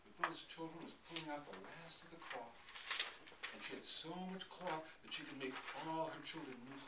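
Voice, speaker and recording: A man telling a folktale aloud in a lively, dramatic way, swinging between loud and hushed. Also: a little high. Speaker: storyteller. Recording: distant, echoey live recording with noise.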